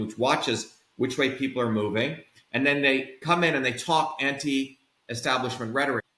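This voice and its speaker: A man's voice: fairly high pitch, pushed and bright, roomy sound. A man from India, a podcast guest and political candidate, ranting in a profane, combative and emphatic way. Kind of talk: heated political rant.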